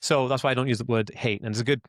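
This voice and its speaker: A man's voice: mid-range voice, fairly even intonation, very fast, dry recording, studio quality. A Welsh man in his forties, telling his life story as an interview guest in a rambling, earnest way, full of "like" and "right?". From Wales. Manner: rambling, lots of "like" and "right?", repeats words; earnest and emphatic, addresses listeners as guys. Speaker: interview guest, autism advocate. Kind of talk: casual storytelling in a conversation.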